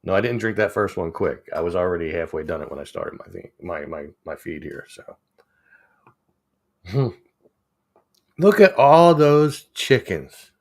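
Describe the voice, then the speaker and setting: Low-voiced man rambling on a livestream. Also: fairly even intonation, a little fast, vocal fry, hardly any pauses. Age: 40s. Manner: rambling, chuckling, reading chat aloud. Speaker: livestream host. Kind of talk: casual live chat.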